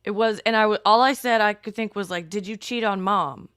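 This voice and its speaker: A woman's voice: medium pitch, brisk, fairly bright tone, clear, resonant tone, no echo, studio quality. A middle-aged woman co-hosting a stream, telling a personal story frankly with wry humor. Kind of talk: casual chat.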